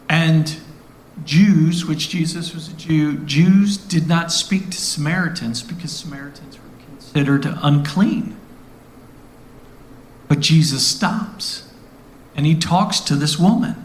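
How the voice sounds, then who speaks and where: Earnest man teaching Bible in echoey room. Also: on the high side. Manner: earnest, conversational, asks the listeners questions. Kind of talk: sermon-style Bible teaching.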